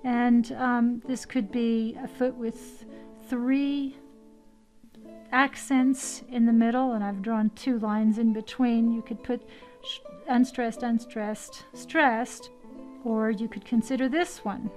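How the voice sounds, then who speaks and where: A woman's voice: fairly high pitch, steady tone, dark tone, soft background music. A woman teaching a recorded lesson on verse meter, explaining carefully and tapping out stressed and unstressed syllables. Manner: measured, explanatory, reads verse lines slowly with stress.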